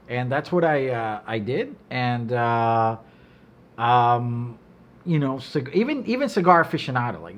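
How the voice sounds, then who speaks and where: A middle-aged man telling stories in casual chat, animated and profane, acting out quotes in a loud high voice. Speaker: cigar brand owner. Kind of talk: casual storytelling.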